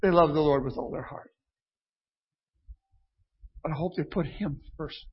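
A man's voice: fairly high pitch, a little slow, gravelly, breathy edge. A man preaching an informal sermon, reading scripture and often asking his listeners "right?" in a conversational way. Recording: dull lo-fi recording.

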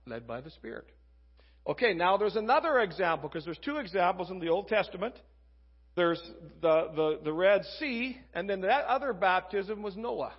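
A man's voice: sits high, husky, highs cut off. A man preaching a casual, conversational sermon, reading scripture and acting out quoted voices.

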